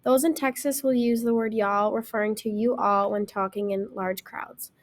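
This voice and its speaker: A woman's voice: mid-range voice, fairly even intonation, normal speed. A young woman student reading her part of a prepared class presentation. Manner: reads prepared text.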